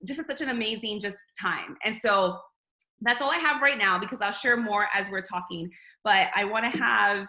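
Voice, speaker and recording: A woman's voice: mid-range voice, moderate pace, bright, forceful tone. A woman hosting a group call, upbeat and enthusiastic as she shares her story and introduces the next speaker. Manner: upbeat, enthusiastic, repeats "amazing". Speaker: host. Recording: echoey room.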